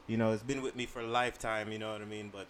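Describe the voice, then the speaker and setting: A man's voice: lowish voice, little pitch movement, racing, fairly bright tone, slight background noise. A man joking in a casual podcast chat with friends, laughing often.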